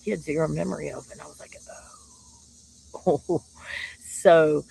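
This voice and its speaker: A woman's voice: deep voice, steady tone, a little slow, vocal fry, dark tone, slight background noise, rough recording. A woman talking casually about her partner, chatty and laughing often. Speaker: shaman. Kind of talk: casual monologue to camera.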